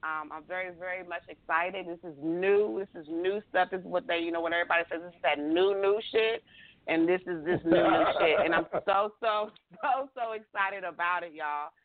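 A woman's voice: fairly low pitch, steady tone, fairly quick, few pauses. A woman hosting a radio talk show, chatting casually and often repeating her words. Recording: phone-like narrow sound.

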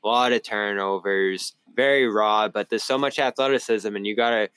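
A man's voice: on the low side, steady tone, normal speed, fairly bright tone, clean tone, no room sound. A man with a Boston accent, a sports reporter telling stories and laughing often in a podcast panel chat.

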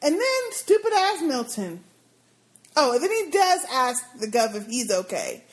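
High-voiced woman cohost, chatty, retells the scenes and does the lines. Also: big pitch swings, a little slow. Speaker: podcast co-host. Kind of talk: casual TV recap chat.

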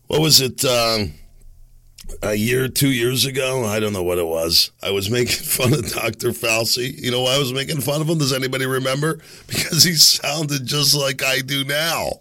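A man hosting his own podcast while hoarse and losing his voice, talking in a rambling, hesitant, self-mocking way. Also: mid-range voice, fairly even intonation, moderate pace, sharp tone. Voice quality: raspy. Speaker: podcast host. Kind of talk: casual solo commentary.

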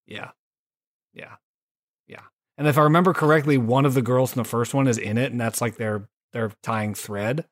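A man with a medium-pitched voice hosts a casual gaming podcast, keeping the chat laid-back. He swears readily and throws in slang such as "dude" and "son."

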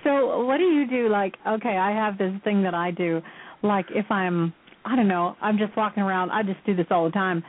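A woman's voice: mid-range voice, moderate pace. A woman hosting a radio talk show, asking questions and chatting casually about herself. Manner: chatty, conversational. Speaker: radio host. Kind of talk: radio interview. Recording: tinny radio sound with faint hiss.

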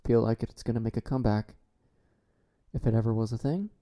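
A man hosting a solo comedy talk show, rambling in a deadpan, absurd way. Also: medium pitch, brisk.

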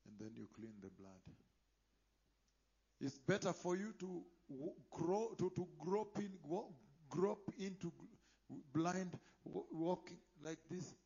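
A man preaching a sermon, moving between quiet asides and loud impassioned declarations. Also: high voice, lively intonation, takes it slowly, vocal fry, husky, lo-fi sound.

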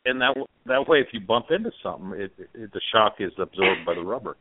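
Co-hosting a motorcycle radio show, this man has a lowish voice with lively intonation and a fast delivery. His joking is loose and casual, full of stumbling restarts. It sounds like a phone call: narrow band, dry, no room sound.

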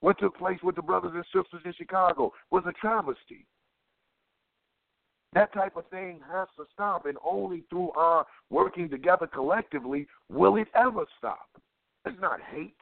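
A man with a high, gravelly voice gives impassioned talk-radio commentary in a fervent, preacher-like cadence full of repetition. There's no room sound, but the audio is tinny, like a phone line.

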